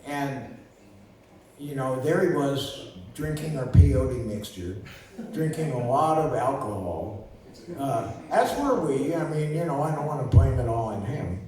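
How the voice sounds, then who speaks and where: Older male storyteller, rambling, halting delivery, far from the mic, faint hiss. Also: mid-range voice, warm tone. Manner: rambling, with many fillers and restarts. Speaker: lawyer and guest. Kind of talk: casual storytelling. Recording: roomy distant recording with faint noise.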